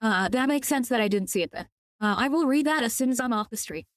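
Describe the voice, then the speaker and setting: Her voice fairly high, animated and fast with no echo, a young woman with a Californian accent rambles casually on her gaming stream. She restarts a lot and swears freely as she talks.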